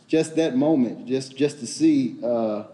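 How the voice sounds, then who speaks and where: A man playwright on a panel, speaking in a heartfelt, halting way with many restarts. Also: medium pitch, mellow. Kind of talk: panel discussion.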